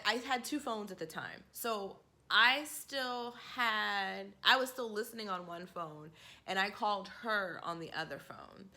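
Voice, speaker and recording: A woman in her forties spins a personal story straight to camera in a casual, candid way. Her voice is bright and clear, and she laughs easily, jumping into lively quoted dialogue. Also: mid-range voice. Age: 40s. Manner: candid, laughing, animated quoting. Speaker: vlogger.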